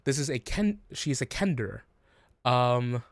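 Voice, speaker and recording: A man's voice: medium pitch, expressive, slow, no echo. A man narrating a tabletop game as game master, rambling with many fillers.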